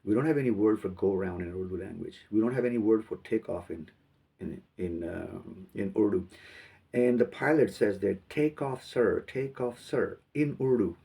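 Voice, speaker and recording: Man, dark husky tone, halting critical commentary. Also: low-pitched, far from the mic. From Pakistan. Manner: halting, repeats words while thinking. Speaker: aviation video commentator.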